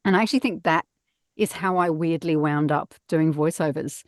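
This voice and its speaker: A woman's voice: deep voice, normal speed, dry recording, studio quality. A middle-aged woman, a voice actor guest, chatting casually and self-mockingly from her padded home booth. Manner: self-mocking, laughs often. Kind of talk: casual interview chat.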